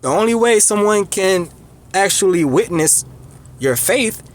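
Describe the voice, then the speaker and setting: A man's voice: high-pitched, expressive, a little slow. A man preaching an earnest, conversational sermon who repeats himself and checks in with his listeners.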